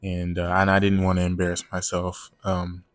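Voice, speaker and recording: A man with a fairly low voice tells a personal story straight to the camera. He talks loose and slangy, swears freely and stumbles over repeated words as he rambles on. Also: completely flat delivery, normal speed. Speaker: vlogger telling a personal story. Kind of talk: casual storytime monologue.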